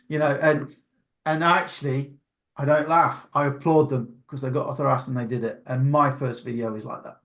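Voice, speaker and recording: A man's voice: medium pitch, steady tone, a little fast. A man hosting a video call, chatting casually and rambling with many restarts. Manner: rambling, restarts often, laughs easily. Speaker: meeting host.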